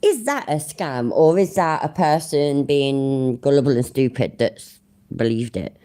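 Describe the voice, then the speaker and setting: A woman with a low voice that swings widely as she talks, reacting bluntly to a clip and swearing offhand. Her tone is casual, chatty and full of asides. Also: animated, a little slow, mellow. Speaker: channel host reacting to a clip. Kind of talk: casual commentary.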